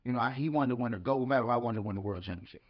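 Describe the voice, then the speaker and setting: Rambling man who talks fast. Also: mid-range voice, breathy edge. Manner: rambling, repeats words when starting a thought. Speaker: former boxer, podcast guest. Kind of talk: casual storytelling. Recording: slightly dull lo-fi podcast audio.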